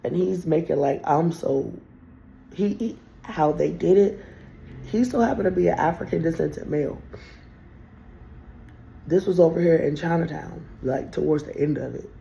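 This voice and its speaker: Gravelly woman telling a rambling story. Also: low-pitched, normal speed, warm tone, a little hiss or hum. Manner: rambling, profane, addresses viewers directly. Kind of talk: casual storytime monologue.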